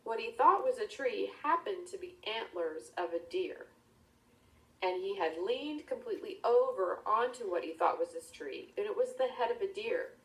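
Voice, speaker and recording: A woman's voice: mid-range voice, animated, moderate pace. A woman telling a children's story in a chatty way, often dropping into whispered asides. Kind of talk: casual storytelling. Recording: roomy, distant mic.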